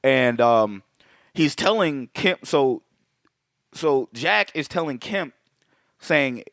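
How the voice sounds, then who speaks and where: A man's voice: medium pitch, lively intonation, vocal fry, a bit bright, no echo. Swearing male podcast co-host, dry sound. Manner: swears a lot, acts out lines in quick voices. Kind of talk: casual film-recap chat.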